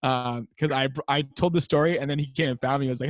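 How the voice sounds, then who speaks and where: Animated American man telling stories. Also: mid-range voice, fast talker, no echo. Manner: animated storyteller, acts out kids chanting. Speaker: high school teacher and guest. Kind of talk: casual interview storytelling. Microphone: wearing a mic.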